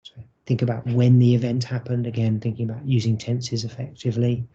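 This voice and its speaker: A man giving a recorded teaching workshop, talking in a measured, explanatory way. His voice is dark and a little husky, with some gravel at the ends of phrases. The audio is dull and lo-fi. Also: medium pitch, level tone. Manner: measured, explanatory, many ums. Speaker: university English teacher. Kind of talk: recorded conference workshop presentation.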